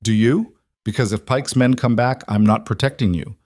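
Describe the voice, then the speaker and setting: A man's voice: mid-range voice, steady tone, moderate pace, darkish tone, no room sound, lightly acted. A man voicing Wade, a hard, protective frontier rancher father who talks curtly in an audiobook story. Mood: stern. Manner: curt and stern.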